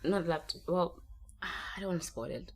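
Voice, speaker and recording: A woman's voice: fairly low pitch, expressive, moderate pace, husky. A young woman from South Africa co-hosting a casual podcast chat, joking dryly and laughing along. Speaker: podcast co-host.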